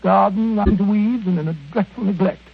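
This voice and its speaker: An earnest, flustered middle-aged doctor companion in a 1940s radio play. His voice sits high and gravelly with a husky edge, and he trips over his words as he recounts events. It comes through a thin, crackly, phone-like old broadcast. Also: fairly even intonation, brisk, full character voice. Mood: recounting. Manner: hesitant, stumbling repeats while telling a story.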